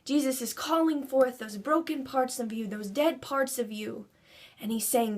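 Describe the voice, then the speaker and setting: A woman's voice: on the high side, normal speed, darkish tone. A woman giving an earnest devotional talk to camera, building to emphatic preaching. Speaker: Christian speaker.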